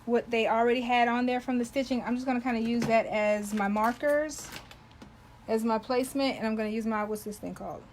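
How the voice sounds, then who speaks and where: Chatty lady doing a live crafting demo, kinda high voice, greets everyone by name. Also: a little hiss or hum, poor audio. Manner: talkative, loves to chat with viewers; greets viewers by name while working. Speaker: embroidery livestream host.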